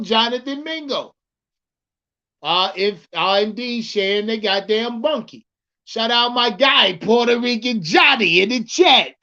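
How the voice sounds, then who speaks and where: A man's voice: very high-pitched, pushed and bright. Profane, rambling man on a lo-fi stream. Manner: profane, rambling, repeats himself, addresses the chat. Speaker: livestream sports commentator. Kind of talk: casual livestream chat with viewers.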